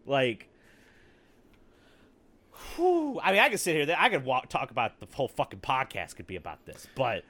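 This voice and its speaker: A man's voice: medium pitch, normal speed, long pauses. A man co-hosting a podcast, chatting casually with lots of swearing and laughter. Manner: profane, laughing, animated storytelling. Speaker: podcast co-host. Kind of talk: casual chat.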